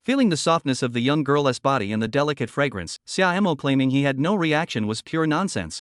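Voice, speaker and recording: A man reading a scripted story recap in an even, steady way. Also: medium pitch, a little fast, no echo, studio quality. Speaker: narrator.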